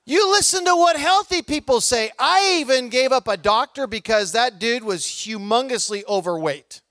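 Middle-aged male preacher, very high voice, dry close sound, chatty storyteller. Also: normal speed, no room sound. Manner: conversational and animated, acts out the people in his stories. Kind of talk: sermon with personal storytelling.

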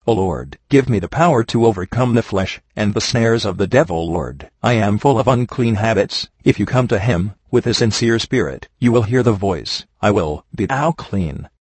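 A man reading an old sermon aloud in a steady, earnest preaching cadence. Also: fairly low pitch, normal speed, hardly any pauses, breathy edge, dry recording. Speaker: reader of a sermon.

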